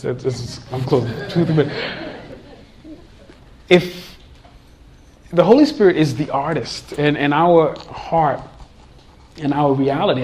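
A man preaching a sermon in an animated way, laughing often and acting out voices in his examples. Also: fairly high pitch.

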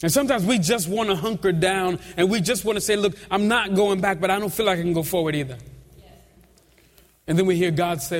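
A male pastor preaching a sermon with a fairly high voice. He talks in a loose, chatty way, chuckling and tossing asides to the congregation. His voice carries a long reverb, as in a church hall. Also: brisk.

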